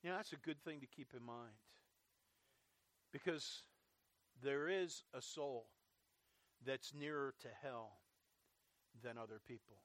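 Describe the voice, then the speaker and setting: A middle-aged man preaching a sermon as pastor, talking earnestly and sinking to a quiet, low voice in prayer. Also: measured pace, long pauses, dry recording.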